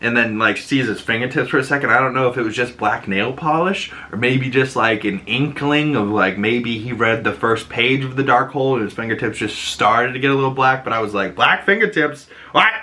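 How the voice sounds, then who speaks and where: A man hosting a casual episode recap, animated and acting out character lines in put-on voices. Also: mid-range voice, fairly quick, few pauses.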